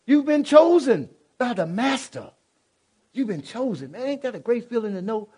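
A man's voice: very high-pitched, very animated, moderate pace, mellow, breathy edge. A man preaching a sermon in a folksy, exclaiming way. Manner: folksy, exclaiming, prone to laughter.

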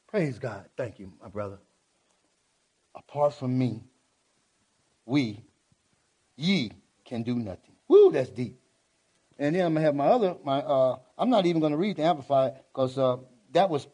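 Preacher guy, folksy, shouts out praise, voice a bit high. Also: big pitch swings, moderate pace, pauses often. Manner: folksy, exclaiming, prone to laughter. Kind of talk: sermon.

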